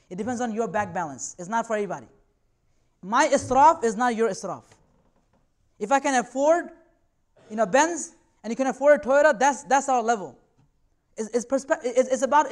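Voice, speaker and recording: A man giving a religious talk to students, earnest and conversational, reassuring his listeners in a loose, chatty way. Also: very high voice. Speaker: invited speaker.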